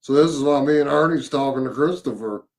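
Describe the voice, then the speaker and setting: A man, casually recounting a paranormal investigation, halting with many fillers and repeated words. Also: mid-range voice, darkish tone. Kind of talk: casual storytelling chat.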